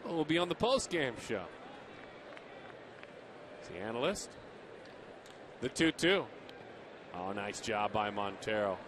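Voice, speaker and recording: A man's voice: fairly low pitch, expressive, a little slow, pauses often. Chatty man calling baseball, noisy booth. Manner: chatty, jokey, lifts his voice on big plays. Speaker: play-by-play announcer. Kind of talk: baseball TV commentary.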